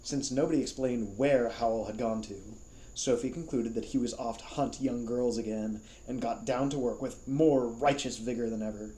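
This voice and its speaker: A man reading a novel aloud as a storyteller, calm and even. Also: medium pitch, normal speed, echoey room, low-quality recording. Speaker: storybook reader.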